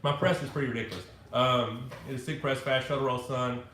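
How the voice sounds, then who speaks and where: Casual man hosting a live chat, halting comment reader, voice bouncing around a roomy space. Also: medium pitch, steady tone, fairly bright tone, slight background noise. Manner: loose, halting, reads comments aloud with restarts. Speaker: live-stream host answering viewer comments. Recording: echoey room with faint ambience.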